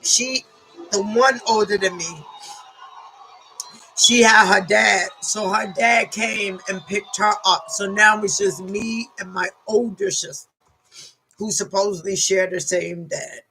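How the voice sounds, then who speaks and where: Slow, bright-voiced woman telling a personal story. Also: mid-range voice, fairly even intonation, faint music behind, poor audio. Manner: halting, emotional, repeats herself.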